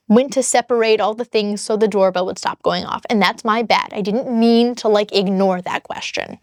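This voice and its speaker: Woman, high voice, close and dry; exasperated vlogger reading out an argument by text. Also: no echo. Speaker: vlogger telling her divorce story. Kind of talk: casual storytelling vlog.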